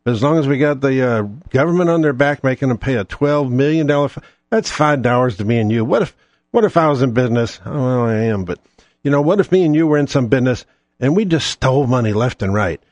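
A man's voice: mid-range voice, fast, a little mellow, no room sound. A man hosting his own show alone, ranting in a profane, sarcastic, rambling way. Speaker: podcast host. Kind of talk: ranting solo monologue.

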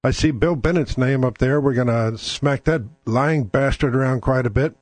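A podcast host runs his own talk show, talking casual politics in a blunt, combative way with plenty of swearing. His voice is medium-pitched at a normal speed, with no room sound.

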